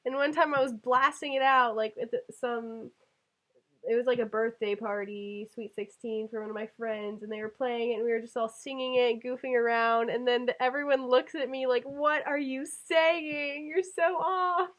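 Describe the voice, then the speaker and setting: A woman's voice: a little high, little pitch movement, normal speed, fairly bright tone, low-quality recording. A young woman chatting casually with a friend, goofy and full of filler words. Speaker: co-host. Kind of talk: casual chat.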